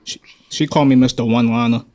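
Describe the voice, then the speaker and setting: Low-key stammering podcast co-host, a man. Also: steady tone, fast talker, a little mellow. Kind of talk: casual podcast chat.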